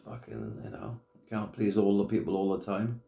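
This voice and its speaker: A man's voice: low-pitched, big pitch swings, normal speed, gravelly, dark tone, echoey room. A middle-aged man ranting casually to camera, blunt and full of swearing and slang. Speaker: YouTube commentator.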